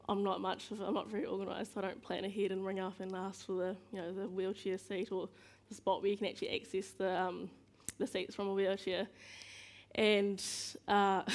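Speaking at a medium pitch, a guest speaker delivers a relaxed, story-driven talk. She pokes fun at herself, laughs a lot and performs other people's lines in rapid-fire voices.

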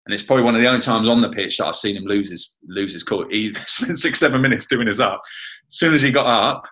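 Deep, bright-toned man reminiscing. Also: fast talker, rough recording. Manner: chatty, fills with "you know" and "like that, like". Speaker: former teammate. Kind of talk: reminiscing interview.

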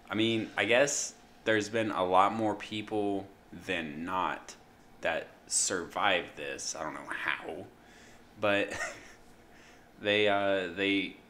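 A man's voice: low-pitched, sharp tone, slight background noise. A young man co-hosting a casual podcast, talking hesitantly with fillers. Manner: slow, hesitant delivery with fillers. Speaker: podcast co-host. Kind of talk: casual chat.

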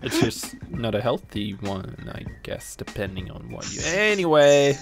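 A man's voice: medium pitch, big pitch swings, a little slow, faint music behind. A man hosting a casual gaming chat, telling a joking story and acting out the people in it. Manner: jokey storyteller, acts out quoted voices. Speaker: gaming channel host. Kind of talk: casual chat while a game loads.

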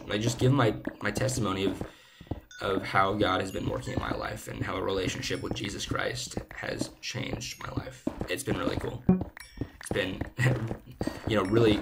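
A young man talking casually over gameplay, earnest and rambling, often restarting his sentences and laughing softly at himself. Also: fairly low pitch. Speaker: gaming video creator. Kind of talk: casual commentary while playing. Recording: steady background noise.

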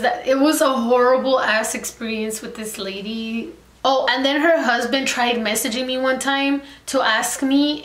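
A young woman vlogger telling a storytime in a chatty way, full of "like" fillers. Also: a little high. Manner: chatty, heavy filler "like", animated retelling. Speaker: makeup artist and beauty vlogger. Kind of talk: casual storytime chat. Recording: echoey room.

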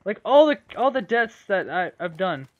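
A man giving excitable live commentary over his own gameplay into a computer microphone, swearing, yelling at opponents and stumbling over his words. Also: high voice, normal speed, dull audio. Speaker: gamer.

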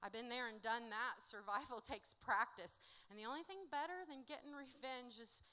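Here a performing artist from Indiana, United States, delivers rhymed spoken word live in a theatre, recounting her story with frank language and heavy cursing. She sounds a little high and sharp, speaking at a normal speed.

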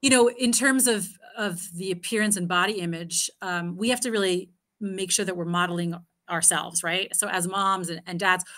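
A woman's voice: on the low side, fairly even intonation, normal speed, few pauses, a bit bright. A woman with a nine-year-old daughter answers a parent's question in a live Q&A, earnest and full of "you know" fillers. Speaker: parenting speaker.

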